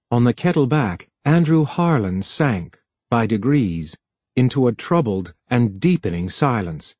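A man's voice: mid-range voice, animated, takes it slowly, a little mellow, no room sound. Man narrating a novel, dry sound. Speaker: audiobook narrator. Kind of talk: scripted narration.

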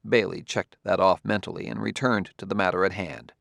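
A man narrating an audiobook in a measured, expressive reading. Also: low voice, creaky, dry recording, clean studio sound.

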